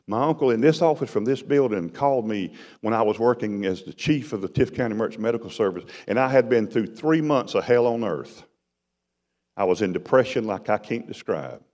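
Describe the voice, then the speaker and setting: A middle-aged man preaching a testimony, dramatic and storytelling, his voice swinging from loud to hushed. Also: lowish voice, lively intonation, brisk. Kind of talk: sermon testimony. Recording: long hall reverb.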